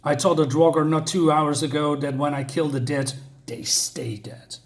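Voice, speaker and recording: A stern, no-nonsense thunder god, read out by a man. The voice is an ordinary, slightly high one. The lines are read plainly, with small slips here and there. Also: flat delivery, normal speed, close to an everyday voice.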